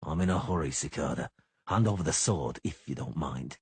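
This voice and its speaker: A man's voice: moderate pace, slightly rough, no echo, full character voice. A man playing a curt, cold monster hunter. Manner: curt, flat, low.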